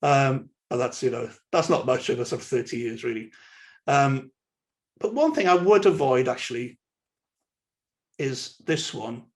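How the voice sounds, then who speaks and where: Man, mid-pitched, informal lecturer for an online training session, chatty with ums and false starts. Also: a little slow, pauses often. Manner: conversational, with frequent fillers and restarts. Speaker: university lecturer. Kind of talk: online webinar talk.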